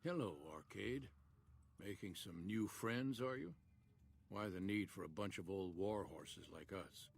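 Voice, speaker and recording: An actor playing a gruff older male war veteran in a video game, speaking dryly and wryly. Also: on the low side, a little slow.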